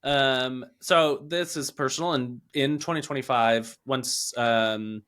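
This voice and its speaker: Man, podcast co-host, casual chat, easygoing, halting, mid pitch. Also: a bit bright, smooth.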